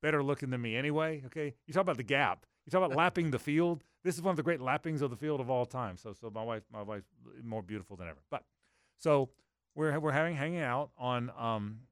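A middle-aged male radio host spins a long, self-deprecating yarn, circling back and restarting his sentences as he goes. His voice sits at an ordinary pitch, and the studio sound is close and dry. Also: animated, fast talker, no room sound. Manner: rambling storyteller, self-mocking, lots of restarts. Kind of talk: casual radio banter.

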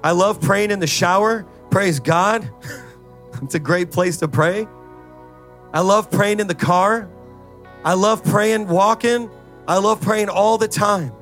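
A man's voice: high-pitched, slow pace, pauses often, fairly bright tone, faint music behind. A middle-aged male pastor preaching a sermon, rising into fervent, sing-song prayer and exhorting the congregation with repeated calls.

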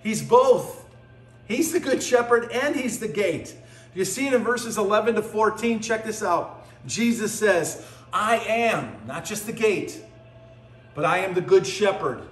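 High-voiced man preaching in an echoey room. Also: animated, measured pace. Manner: emphatic, repeating phrases for stress. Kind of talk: sermon. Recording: echoey room with faint music.

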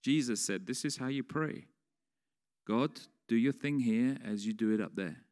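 His mid-range voice is a little mellow and moves at a moderate pace as he preaches in a chatty style, questioning the people listening. The sound has the long echo of a big hall.

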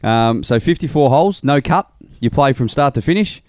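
Man, crisp clear tone, mid pitch, casual chat, talks things through steadily. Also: moderate pace, no room sound, clean studio sound. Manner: steady, explaining at length with fillers. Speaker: podcast host.

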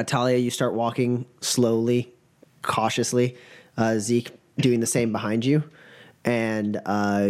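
A man's voice: medium pitch, darkish tone. A man narrating a tabletop game as game master, casual with many fillers.

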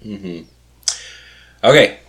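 Slow, laid-back man hosting a quiz. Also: a crowd in the background. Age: 40s. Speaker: quiz host. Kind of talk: casual podcast quiz chat.

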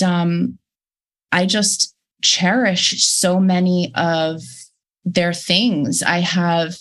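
A woman co-author in a casual interview, speaking reflectively with pauses and fillers. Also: fairly low pitch. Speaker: co-author of a children's book series.

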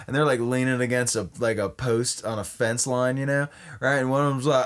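Rambling profane young man pitching. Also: steady tone, fairly quick, hardly any pauses, clear, resonant tone. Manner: rambling, profane, full of "right?" and "like". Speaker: comedy sketch performer. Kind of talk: rambling casual pitch of a film idea.

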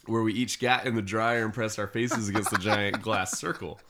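A man's voice: on the low side, fairly even intonation, normal speed, noisy background. A man co-hosting a casual podcast, joking and telling a tour story. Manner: wry, joking interjections. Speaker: podcast co-host.

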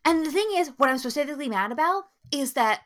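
A woman's voice: high voice, animated, fast, fairly bright tone. A young woman co-hosting a podcast, ranting in heated, profane bursts and acting out quoted lines. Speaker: podcast co-host. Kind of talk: casual podcast chat.

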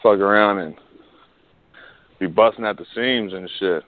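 A man's voice: lowish voice, a little slow, no room sound. A man co-hosting a casual chat about battle rap, slangy and laughing often, repeating words as he goes. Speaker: podcast co-host. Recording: tinny phone-like line with faint hiss.

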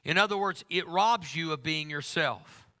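A man's voice: a little high, normal speed, sharp tone. A middle-aged man preaching a sermon to a congregation, emphatic and humorous, teasing his listeners.

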